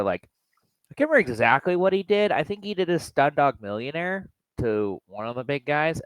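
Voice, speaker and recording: A man's voice: medium pitch, fairly bright tone, dry recording, rough recording. A man co-hosting a casual wrestling review podcast, blunt and opinionated in his takes. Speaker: podcast co-host.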